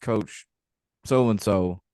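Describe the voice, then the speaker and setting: Young male guest, lowish voice, easygoing with fillers, dry close sound. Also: very slow, dry recording. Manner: relaxed, lots of filler words. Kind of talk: casual interview.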